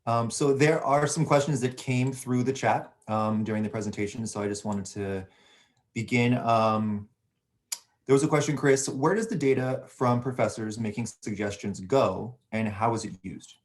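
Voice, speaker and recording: A man's voice: medium pitch, normal speed. A man moderating a Q and A session, briefly reading out questions from the chat.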